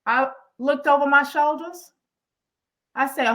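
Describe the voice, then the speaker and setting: A woman's voice: mid-range voice, a little slow. Emphatic middle-aged woman telling a story. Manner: animated and emphatic, speaks directly to the audience. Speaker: executive coach. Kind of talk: lively workshop storytelling.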